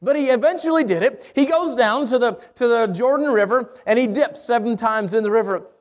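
Male pastor, high voice, energetic storytelling sermon with lots of restarts. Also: a little fast. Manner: lively storytelling with repeated restarts. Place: church in Albuquerque.

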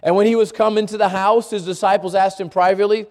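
High-voiced man preaching a sermon. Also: level tone, quick pace, darkish tone. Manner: repeats words while thinking, reads scripture in a lower voice; asks the congregation questions. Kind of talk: sermon with scripture reading.

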